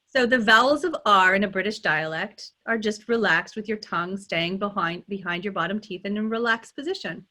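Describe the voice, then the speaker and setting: A woman with a Californian accent, teaching as a dialect coach and demonstrating sounds in a lively way, often checking in with "right?". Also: mid-range voice, a little fast, hardly any pauses. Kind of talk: teaching pronunciation in a workshop.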